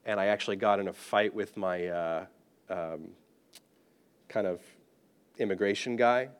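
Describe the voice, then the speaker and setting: A British-born man, a pastor, telling a personal story in an animated, self-deprecating and humorous way. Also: low voice, unhurried, clear, resonant tone. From Britain. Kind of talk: storytelling sermon.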